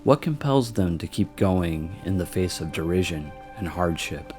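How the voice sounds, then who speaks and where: A man reading scripted documentary narration in a measured, even way. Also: sits low, faint music behind.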